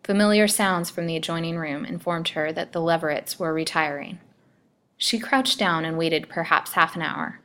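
A woman storyteller narrating a classic novel in a measured, expressive reading. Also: low-pitched.

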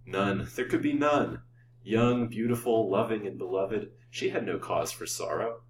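A man voicing a grief-stricken, wild young gentleman who speaks brokenly and urgently, in a roomy, distant recording. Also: on the low side, measured pace, natural voice. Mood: agitated. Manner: broken, excited, imploring. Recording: roomy, distant mic, faint hum.

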